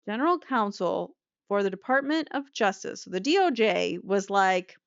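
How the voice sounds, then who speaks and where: A woman's voice: mid-range voice, animated, normal speed, clean tone, dry recording, dull audio. A woman reading legal filings aloud and breaking off for blunt, offhand explanations of what they mean. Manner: reads dryly then adds blunt offhand asides. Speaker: host reading court documents.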